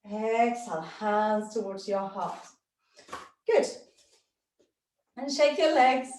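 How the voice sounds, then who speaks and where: A woman's voice: mid-range voice, expressive, takes it slowly, darkish tone. A woman teaching a yoga class, giving short encouraging cues and breathing as she moves along with the class. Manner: encouraging cues in short commands, breathing and moving while talking. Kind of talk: live yoga class instruction. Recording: very echoey room, distant mic.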